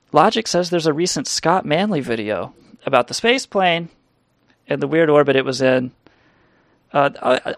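A man's voice: fairly high pitch, creaky, no room sound, clean studio sound. A man hosting a comedy live stream, rambling crudely and reading chat comments aloud. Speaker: stream host.

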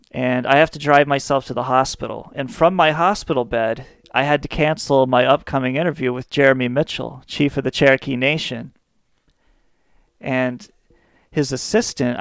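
A man's voice: mid-range voice, clear, resonant tone, no echo, studio quality. A man co-hosting a podcast, telling stories in a wry way and mocking people by quoting them. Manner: wry storytelling with mocking quoted voices. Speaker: podcast co-host. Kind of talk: casual podcast chat.

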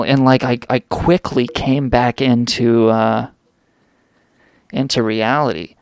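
A man's voice: medium pitch, steady tone, unhurried, pauses often, dry recording, studio quality. A young man hosting a radio show, telling a wild story in a rambling, profane way with lots of fillers. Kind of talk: storytelling drug anecdote.

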